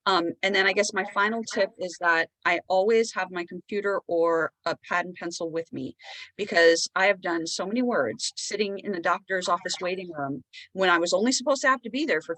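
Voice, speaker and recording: Upbeat low-voiced woman panelist. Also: sharp tone, no room sound, rough recording. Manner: upbeat, enthusiastic. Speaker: panelist, mystery writer. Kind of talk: panel discussion.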